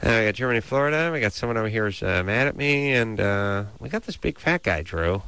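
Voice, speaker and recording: A nasal man hosting late-night radio from a dry studio mic. He rambles and argues deadpan, his voice bright and lively in pitch. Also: quick pace, clear, resonant tone, no echo. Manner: wordy, argumentative, deadpan. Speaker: radio host.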